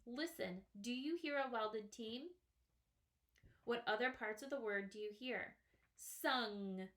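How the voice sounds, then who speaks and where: A patient woman leads a first grade phonics lesson, her voice a touch high. She speaks slowly and stretches out each sound so small children can follow. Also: a bit bright. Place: classroom or home, writing on a small board.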